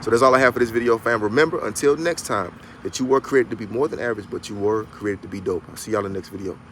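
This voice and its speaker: A man's voice: fairly low pitch, quick pace, a bit bright, a little hiss or hum. A young male life coach giving a motivational livestream talk outdoors, speaking in an emphatic, preacherly, casual way and calling his viewers y'all. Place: outdoors outside a barbershop, traffic nearby.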